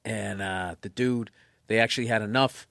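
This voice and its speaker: A man tells a story in casual podcast chat. He is profane and animated, dropping to low mumbles and then bursting out excited. The room sounds dry and close. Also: normal speed, gravelly, no room sound. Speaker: comedian guest.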